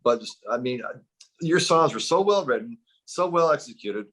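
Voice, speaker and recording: Man, podcast co-host, enthusiastic fan, loose rambling sentences, very animated pitch. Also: normal speed. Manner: enthusiastic fan, talks in loose run-on bits. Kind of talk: casual podcast interview.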